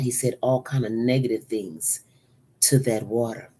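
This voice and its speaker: A woman's voice: very deep voice, normal speed, warm tone. A woman preaching a sermon, earnest and repeating key phrases for emphasis. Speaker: pastor.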